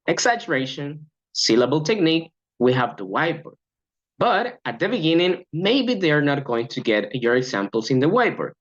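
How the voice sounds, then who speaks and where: A man's voice: on the high side, fairly bright tone, highs cut off. A man training language coaches in an upbeat lecture, acting out short classroom examples.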